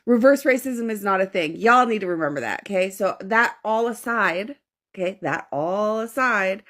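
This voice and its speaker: A woman's voice: deep voice, a bit bright. Woman ranting bluntly to camera. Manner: blunt, profane, repeats points with "okay?". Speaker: social media commentator. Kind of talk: casual rant to camera.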